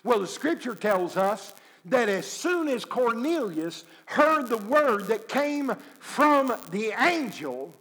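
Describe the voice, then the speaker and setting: A man preaching a sermon, acting out scripture scenes with sudden swings between loud urging and hushed pleading. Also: extremely high pitch, sing-song, slow pace, low-quality recording. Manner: dramatic, acts out dialogue with God, swings from loud to hushed.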